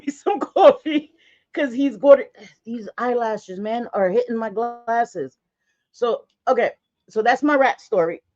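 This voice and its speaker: A woman's voice: a little high, darkish tone, muffled recording. A woman host chatting casually on a livestream, telling stories with frequent laughs and restarts and swearing freely.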